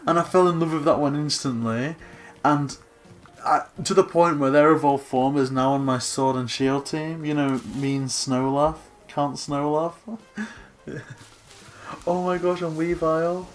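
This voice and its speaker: A man co-hosting a video, giving excited game commentary with gushing exclamations and gasps. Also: fairly high pitch, measured pace. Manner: gushing, gasping, breathless exclamations. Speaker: co-host touring a game island.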